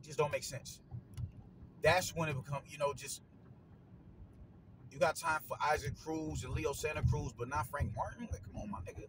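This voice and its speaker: A man, giving a casual opinion monologue as a boxing commentator, animated and slangy, swearing and repeating himself. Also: on the high side, moderate pace, pauses often, background noise.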